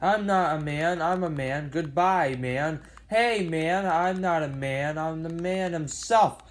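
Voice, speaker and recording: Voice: mid-range voice, slow, slight background noise. A parody video maker giving a silly, rambling improvised voice-over, arguing back and forth with itself.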